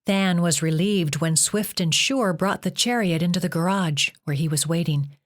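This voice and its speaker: A woman narrating a novel as an audiobook in a measured reading. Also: lowish voice. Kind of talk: scripted narration.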